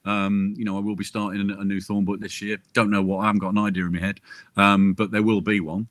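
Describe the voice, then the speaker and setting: A chatty man talking casually as an interview guest, full of jokey asides and quick restarts. His voice has a bright, forceful edge. The sound is dry and close, with no room around it. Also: lowish voice, level tone, dry recording. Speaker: crime author interviewed as guest. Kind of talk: casual chat.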